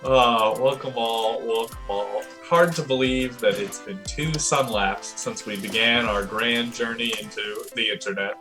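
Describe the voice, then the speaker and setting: A man hosting a comedy live stream, playful and quick to laugh as he introduces bits and banters with friends. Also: mid-range voice, bright, forceful tone, faint music behind. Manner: playful, laughs often, emcee-like.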